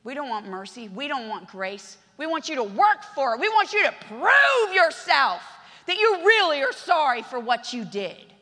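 Bright-voiced woman preaching in an echoey hall. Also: on the high side, big pitch swings, normal speed, few pauses. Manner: impassioned, shifting between loud exhortation and quiet storytelling. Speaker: pastor. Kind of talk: sermon.

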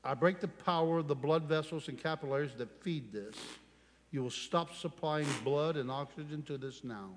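A man's voice: fairly high pitch, normal speed, a little hiss or hum. Fervent male preacher in a big hall. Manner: fervent, commanding, leads call-and-response. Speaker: preacher leading a healing service. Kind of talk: sermon and healing prayer. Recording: reverberant church hall with music. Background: live music.

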